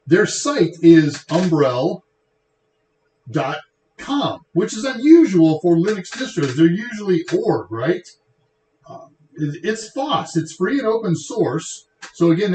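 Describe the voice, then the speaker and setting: A man's voice: on the high side, darkish tone. A middle-aged man with a Texan accent, hosting a tech show in a casual, rambling way full of joking asides. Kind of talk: casual livestream chat. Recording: echoey room.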